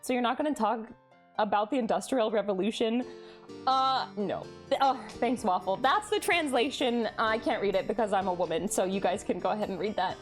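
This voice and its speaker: A woman's voice: mid-range voice, brisk, faint music behind. A young woman streaming live, chatting casually, giggling and greeting her viewers as she reads chat.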